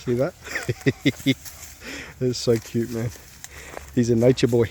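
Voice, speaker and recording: A man's voice: medium pitch, completely flat delivery, slow, pauses often, dark tone, breathy edge. A man with an Australian accent chatting casually while walking his dog outdoors, rambling with fillers. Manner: easygoing, chatty, many fillers and asides. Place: outdoors on a nature walk.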